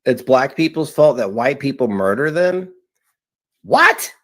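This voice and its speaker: Male streamer, middle pitch, lecturing and confrontational. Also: lively intonation, normal speed, a little mellow. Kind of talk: livestream talk, played clip.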